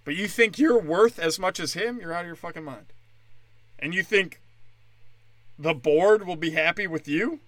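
Male comedian, podcast monologue, angry sarcastic profane rant, tense bright delivery in a dry booth. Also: high voice, moderate pace, long pauses, no room sound.

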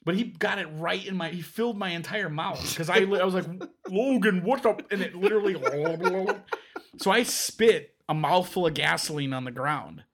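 A man hosting a casual podcast, telling stories in a rambling, animated way, with frequent restarts, into a podcast microphone. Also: fairly high pitch, moderate pace, a little hiss or hum. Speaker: podcast host. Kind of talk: casual chat.

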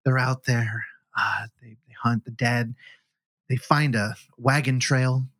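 A man's voice: mid-range voice, fairly even intonation, takes it slowly, fairly bright tone, dry recording. A man hosting a film podcast, casually recapping a movie's plot with joking asides. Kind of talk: casual film review chat.

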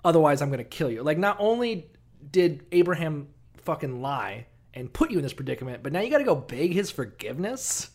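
A man's voice: on the high side, big pitch swings, normal speed, darkish tone. A man co-hosting a casual, irreverent discussion, joking and swearing freely. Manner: profane, joking, breaks into laughter.

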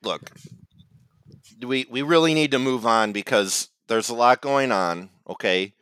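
A man co-hosting a comedy podcast, talking in a hesitant, halting way with many fillers. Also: mid-range voice, a bit bright, smooth, no room sound, studio quality. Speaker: podcast co-host. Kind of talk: casual comedic chat.

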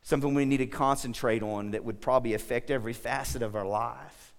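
A man's voice: medium pitch, fairly quick, gravelly. A man preaching a sermon as pastor, telling stories and asking the congregation questions. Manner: lively storytelling, asks the congregation questions. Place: church sanctuary. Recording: long hall reverb.

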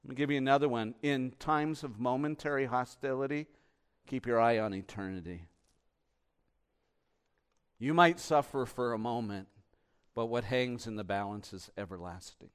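Male pastor, impassioned sermon delivery, hushed to booming, resonant tone. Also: moderate pace, pauses often, smooth. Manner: impassioned, swinging from hushed to loud.

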